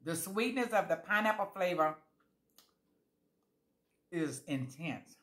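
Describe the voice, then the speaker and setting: Bright-voiced woman chatting over food. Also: fairly low pitch, expressive, takes it slowly. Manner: chatty, addresses viewers as y'all, savoring sounds between bites. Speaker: food vlogger tasting jellies. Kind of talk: casual food-tasting vlog chat.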